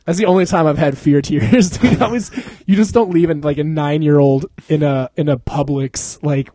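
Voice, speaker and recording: A man's voice: on the high side, darkish tone, slightly rough, no echo. A man from Florida hosting a casual podcast chat, telling stories animatedly, swearing freely and laughing often. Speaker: podcast host.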